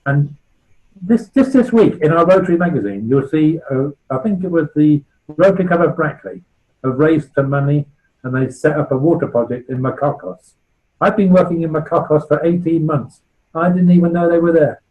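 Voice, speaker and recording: A man's voice: a little high, normal speed, darkish tone, rough recording. Chatty older West Country man. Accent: West Country English. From West Country of England. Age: 60s. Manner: chatty and anecdotal, checking in with "right?". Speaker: charity founder giving a talk. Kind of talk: informal talk to a club meeting.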